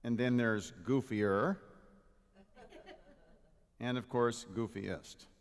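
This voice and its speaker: A man delivers a light-hearted sermon at a mid-range pitch, joking with the listeners and pulling them into the talk. His microphone voice rings out with a long hall reverb around it. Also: fairly even intonation, very slow. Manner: playful, jokey, engages the audience. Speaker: spiritual practitioner giving a talk. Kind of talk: humorous Father's Day sermon. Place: congregation hall with live audience. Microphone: handheld or stand microphone.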